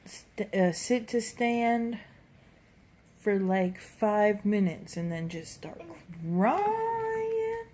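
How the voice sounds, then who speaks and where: A woman's voice: medium pitch, big pitch swings, very slow, mellow, slight background noise. A woman filming her baby at home, coaxing him in sing-song baby talk. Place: at home indoors.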